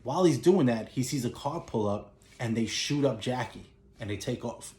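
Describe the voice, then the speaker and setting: A man talks through a movie's story in an easy, offhand way, middle-pitched and chatty. He gets animated as he goes and jumps up in pitch to act out the characters. His voice carries a roomy echo from the space around him. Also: moderate pace. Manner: animated storytelling, acts out lines in a raised voice. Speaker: movie collector and reviewer. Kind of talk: casual plot retelling.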